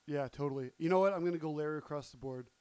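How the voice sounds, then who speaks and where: A man's voice: fairly high pitch, racing, warm tone, clean tone, dry recording. Wry young man, dry close mic. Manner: wry, joking, laughs often. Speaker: podcast co-host. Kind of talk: casual chat.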